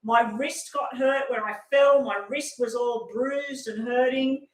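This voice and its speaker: Middle-aged aussie woman chatting on a live stream, kinda high voice, rambly storyteller, echoey room. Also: takes it slowly. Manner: rambling, animated storytelling with acted-out quotes. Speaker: live-stream tarot reader. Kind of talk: casual live-stream chat.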